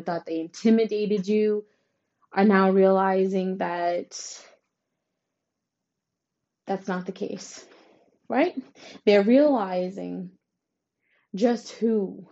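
Slow, mellow-voiced woman giving a horoscope reading. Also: medium pitch, highs cut off. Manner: repeats "right?" often, reassuring and emphatic. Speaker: astrology reader. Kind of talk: tarot-style horoscope reading to camera.

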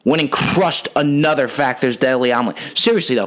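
A man's voice: mid-range voice, fairly quick, hardly any pauses, fairly bright tone. A young adult man hosting a comedy podcast, telling rambling, profane stories in a brash, joking way. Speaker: podcast host.

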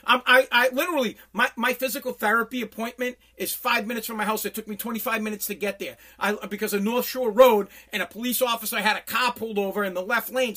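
A man's voice: extremely high pitch, pushed and bright. A man giving a heated, profane political rant as a commentator.

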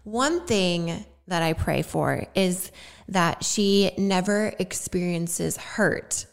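A young woman speaks in a fairly low voice, reflective and heartfelt. She talks like a podcast host sharing something personal, her voice catching now and then with emotion. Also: slow, gravelly. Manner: heartfelt, tearful at moments, laughing through emotion.

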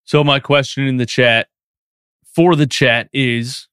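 A man's voice: mid-range voice, steady tone, slow pace, a bit bright, clean tone, no echo, clean studio sound. A man hosting a live post-game sports stream, reading chat questions and ranting with feeling. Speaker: sports podcast host.

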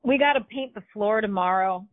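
Brief: chatty, joking business-owner guest, voice dry and phone-thin. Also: female voice, mid-range voice, a little fast, dry recording. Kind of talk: casual interview. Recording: tinny phone-like sound.

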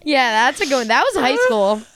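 A woman's voice: sits high, fast talker. A young woman co-hosting a podcast, telling funny stories in casual chat, laughing and swearing freely. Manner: laughing, animated storytelling with swearing. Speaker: podcast co-host.

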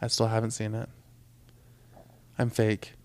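A man's voice: on the low side, monotone, unhurried, a little mellow, no echo. A young man co-hosting a podcast, chatting casually and gushing in agreement. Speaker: podcast co-host. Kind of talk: casual chat.

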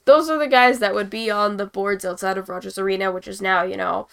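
A woman's voice: mid-range voice, fairly even intonation, brisk, gravelly, fairly bright tone, clean tone. A young woman hosting a casual live-stream hockey chat, rambling and giggly while she paints as she talks. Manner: rambling, giggly, self-deprecating. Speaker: host.

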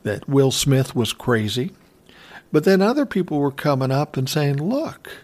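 A man casually retelling an event in unhurried, profane commentary, chuckling now and then. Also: mid-range voice, expressive, a little mellow.

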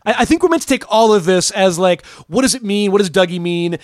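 A man's voice: high-pitched, quick pace, no echo, clean studio sound. A man co-hosting a podcast, talking in an enthusiastic, rambling way with repeated words. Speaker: podcast co-host. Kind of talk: casual chat.

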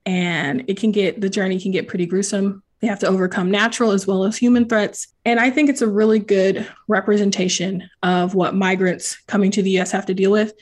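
A young woman talks through a book in a loose, chatty way, full of "like" and "um" and restarting sentences. Her voice sits at a middle pitch, and she sounds like a relaxed podcast host. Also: a little fast, few pauses. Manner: chatty, many fillers and restarts. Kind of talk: casual book podcast chat.

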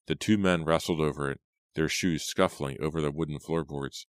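A man narrating an audiobook in a dramatic reading style, acting out the characters' lines louder and slower. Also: extremely low pitch, steady tone, smooth, no room sound, clean studio sound.

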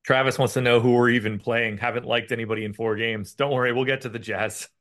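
Man, bright ringing voice, energetic, casual sports-betting chat, show co-host. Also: medium pitch. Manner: energetic ad reads, quick and upbeat. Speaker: fantasy sports podcast co-host.

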